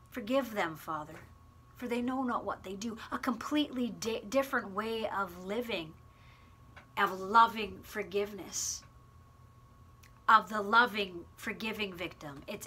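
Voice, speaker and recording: A woman preaching a sermon to a school community, animated and expressive, closing with a prayer. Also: mid-range voice.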